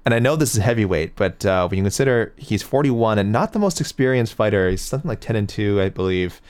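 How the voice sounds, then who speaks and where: Male host, lowish voice, loose casual chat, rambles and self-corrects. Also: lively intonation, fast talker, darkish tone. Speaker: MMA show host reading viewer picks.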